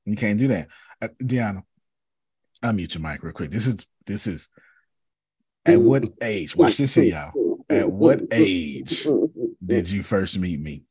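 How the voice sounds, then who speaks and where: A man, a bishop, giving an animated teaching talk on a video call, emphatic and repetitive, calling on listeners by name. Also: fairly low pitch, measured pace, long pauses, husky, no room sound, clean studio sound. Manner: emphatic, repeats himself, calls on listeners by name.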